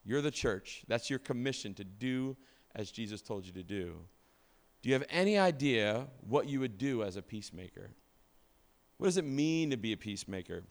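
A man's voice: medium pitch, lively intonation, normal speed. A middle-aged male pastor preaching a conversational sermon, casual and full of fillers and restarts, often asking the congregation questions.

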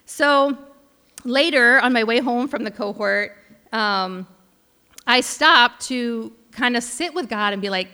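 A woman's voice: fairly high pitch, slow pace, bright, forceful tone, clean tone, long reverb tail. A woman pastor giving a heartfelt sermon, telling a personal story with frequent restarts. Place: large church hall.

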